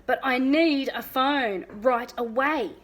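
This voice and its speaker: A woman reading aloud and voicing a panicked, red-faced father in a shrill, strained voice. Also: huge pitch swings, a little slow, pushed and bright, exaggerated voice. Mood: frantic. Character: panicked middle-aged dad, frantic and red-faced.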